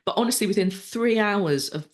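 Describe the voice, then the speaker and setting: A woman's voice: medium pitch, normal speed. A woman co-hosting a podcast, chatting casually and leading the panel's questions. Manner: conversational, leads the questions. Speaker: podcast co-host asking questions.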